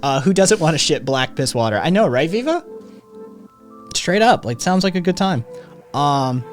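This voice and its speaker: A man's voice: fairly high pitch, very animated, normal speed, soft background music. A man hosting a live stream, chatting casually in a rambling, profane way. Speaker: streamer host.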